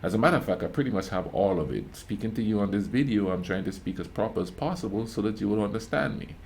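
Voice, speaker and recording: A man's voice: on the low side, lively intonation, fast, a little hiss or hum. Grenadian man chatting to camera. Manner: chatty, storytelling, frequent "you know what I mean" asides. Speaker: reaction video host. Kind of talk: casual commentary to camera.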